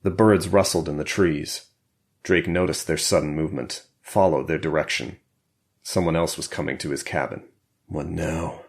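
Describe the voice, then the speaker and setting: Deep-voiced male audiobook narrator. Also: fairly even intonation, moderate pace. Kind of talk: scripted narration.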